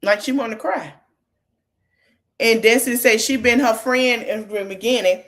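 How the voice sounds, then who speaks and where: A woman's voice: a little high, normal speed. A woman hosting a podcast, retelling a reality-show argument in casual chat and quoting each person in turn. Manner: retells a scene in quotes, chatty and candid. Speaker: podcast host recapping reality TV. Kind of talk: casual recap monologue.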